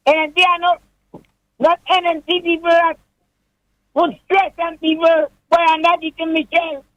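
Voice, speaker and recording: A Grenadian woman calls in to a radio show and rants heatedly in a high voice. The phone line sounds dull and dry. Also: dry recording. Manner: heated ranting. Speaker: caller.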